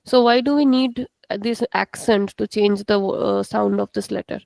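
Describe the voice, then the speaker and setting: A woman's voice: mid-range voice, steady tone, moderate pace, gravelly, darkish tone, no echo. A woman teaching a live online class, patiently explaining and repeating words for her students. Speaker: Portuguese teacher.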